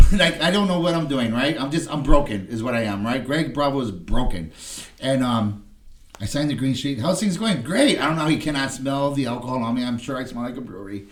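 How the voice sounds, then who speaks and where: Speaking briskly at a medium pitch, this man is a podcast guest sharing an emotional story from his own life. He rambles, swears, stays blunt, and often ends lines with "right?"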